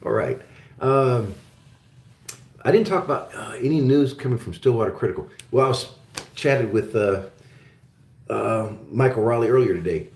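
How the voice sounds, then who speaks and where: A man's voice: medium pitch, expressive, moderate pace, pauses often, darkish tone, roomy sound. A man from Germany hosting a casual live-stream chat with viewers, friendly and rambling, with many fillers and restarts. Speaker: show host.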